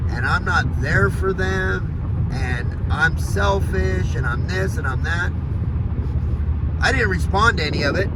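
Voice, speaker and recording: A man's voice: on the high side, heavy background noise. A man talking candidly in a personal video diary, blunt and rambling, swearing often and drifting off on tangents. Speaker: vlogger.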